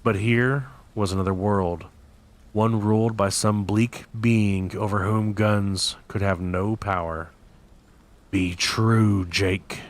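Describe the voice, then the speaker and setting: A man reading a novel aloud as host of his channel, in a steady, deliberate way with occasional slips. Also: fairly low pitch. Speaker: audiobook reader.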